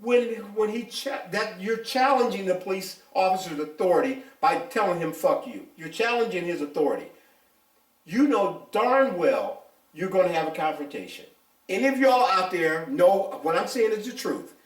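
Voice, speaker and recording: An older man with a high voice talks bluntly and emphatically, his pitch leaping around as he tells the story. He sits some distance from the mic, in a room with a lot of echo. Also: sing-song, moderate pace. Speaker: retired police officer, interviewee. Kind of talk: casual interview talk.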